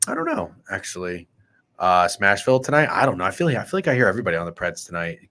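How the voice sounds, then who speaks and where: A man's voice: deep voice, huge pitch swings, racing, pushed and bright. A man in his thirties hosting a sports betting podcast, brash, profane and trash-talking in casual chat. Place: podcast studio.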